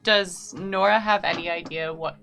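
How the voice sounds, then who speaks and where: Casual woman player with a lowish voice. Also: fairly even intonation, normal speed, sharp tone, faint music behind. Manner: casual, filler-heavy chat.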